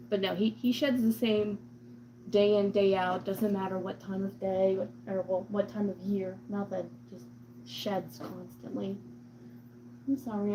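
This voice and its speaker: A woman's voice: medium pitch, steady tone, unhurried, dark tone, a little hiss or hum, poor audio. A woman vlogging casually about her cat, rambling with lots of "like" and "um", and slipping into cooing baby talk with the cat. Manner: chatty, rambling, full of "like" and "um". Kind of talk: casual chat to camera.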